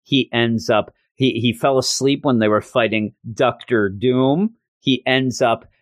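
Man excitedly recapping a comic. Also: unhurried, no echo, studio quality. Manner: animated retelling, jumps into high goofy voices for quotes. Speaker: podcast co-host reviewing comics. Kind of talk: casual comic review recap.

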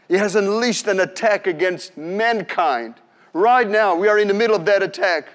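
A middle-aged male preacher with a fairly high voice delivers a fervent sermon. He leans on emphatic repetition as he tells his story.

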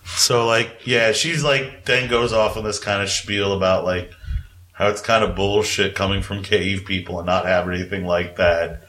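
Low-voiced man rambling as game master. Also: little pitch movement, normal speed, fairly bright tone. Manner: casual, rambling, full of fillers. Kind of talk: narrating a tabletop game.

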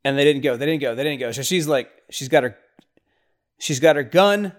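A man's voice: fairly high pitch, brisk. A man hosting a podcast, giving casual watch-along commentary on a movie in a rambling, reactive way with sudden exasperated outbursts. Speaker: podcast host.

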